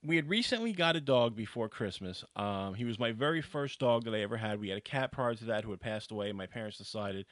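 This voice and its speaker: A man from New York telling a long, animated childhood story in casual chat on a podcast. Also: on the low side, fast talker, hardly any pauses, no echo. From New York, USA.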